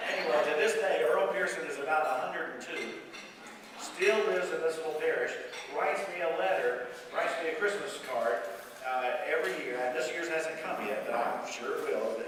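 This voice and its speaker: A man's voice: fairly high pitch, far from the mic. A middle-aged man, a bishop, telling a folksy, self-deprecating story to a congregation in a church. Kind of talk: anecdotal talk to a congregation. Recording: echoey church hall, mic from afar, noisy.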